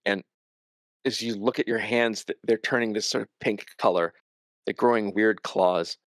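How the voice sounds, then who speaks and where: A man narrating a tabletop role-playing game as game master, in a dramatic, measured way. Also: fairly low pitch, steady tone, fairly bright tone, dry recording, studio quality.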